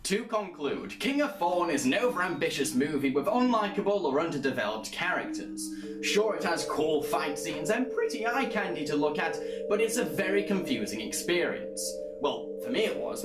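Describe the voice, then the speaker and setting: A man's voice: on the high side, big pitch swings, normal speed, over music. A man narrating a scripted review, opinionated and critical. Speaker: anime reviewer.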